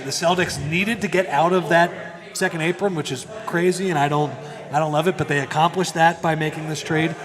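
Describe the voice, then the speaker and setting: Chatty, higher-voiced man talking basketball. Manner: chatty, hedging with "I mean". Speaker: sports podcast co-host. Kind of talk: casual live draft-night panel chat.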